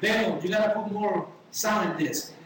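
A woman's voice: normal speed, recorded from a distance, very noisy. Emphatic woman preaching in an echoey hall. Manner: emphatic, calls out lines with rising pitch. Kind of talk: sermon.

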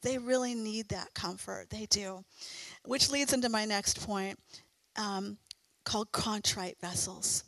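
A woman's voice: mid-range voice, a little slow, fairly bright tone, dry recording, poor audio. A middle-aged woman preaching a sermon in an earnest, encouraging and fervent way.

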